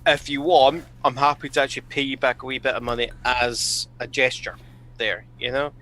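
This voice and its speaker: A man's voice: medium pitch, fairly even intonation, normal speed, pushed and bright, rough recording. A man playing in an online tabletop game, chatting casually and often adding "you know". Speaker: player.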